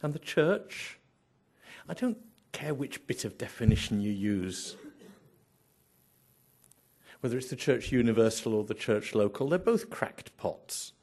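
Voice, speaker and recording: A man's voice: mid-range voice, big pitch swings, measured pace, long pauses, a little mellow. A man preaching a sermon, emphatic, building through repeated phrases and rhetorical questions.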